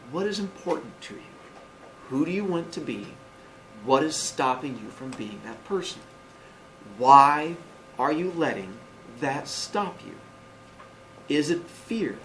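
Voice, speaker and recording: A man's voice: mid-range voice, a little hiss or hum, low-quality recording. A man, a teacher, giving an earnest motivational talk to his students and pressing them with rhetorical questions. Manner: earnest, emphatic, asks repeated rhetorical questions.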